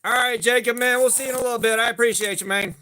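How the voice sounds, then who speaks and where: A man's voice: extremely high pitch, fairly even intonation, very fast, pushed and bright. A man hosting a knife-testing livestream, casually greeting viewers and joking around. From USA. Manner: laid-back, greets chat viewers by name, joking.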